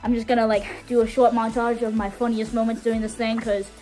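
Hyped young woman squealing over a new song, high voice, faint music behind. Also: flat delivery, fairly quick, few pauses, dark tone. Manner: gushing, squealing, keeps repeating "oh my god". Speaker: YouTuber reacting to music. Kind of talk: excited music reaction vlog.

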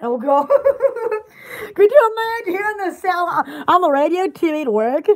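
A woman's voice: extremely high pitch, expressive, measured pace. A woman, chatting casually with viewers on a live stream from her store, giggly and rambling. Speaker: store owner.

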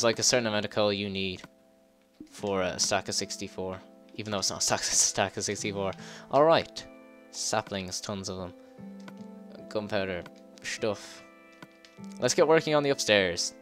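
A man giving casual gameplay commentary, excitable, swearing and laughing as he plays. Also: fairly low pitch. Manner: excitable, swears and laughs, quick yelps when startled. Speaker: let's play gamer.

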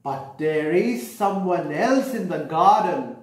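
A man reads a picture book to children slowly and with a lot of lively swing in his voice. He pauses to explain the pictures and asks his young listeners questions, his voice echoing in the room. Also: high voice. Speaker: storyteller. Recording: echoey room.

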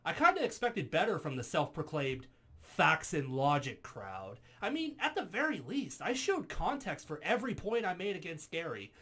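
A man's voice: fairly high pitch, huge pitch swings, normal speed, sharp tone, husky. A man delivering a commentary video in a wry, sarcastic manner. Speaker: YouTube commentary creator. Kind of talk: commentary vlog.

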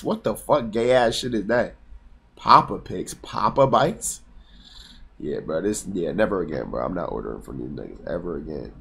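A man in his twenties livestreaming casually from home, with a voice of ordinary middle pitch. He is excitable and profane, argues with his chat, and now and then breaks into yelling. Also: creaky. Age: 20s. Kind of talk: casual live-stream chat.

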